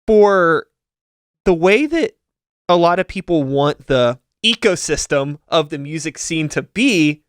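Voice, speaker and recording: A man's voice: a little high, big pitch swings, takes it slowly, clean tone, dry recording, clean studio sound. A man from hosting a podcast, talking in a rambling, casual way with lots of fillers. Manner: rambling, filler-heavy, upbeat sing-song outro. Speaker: podcast host. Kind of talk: casual interview chat.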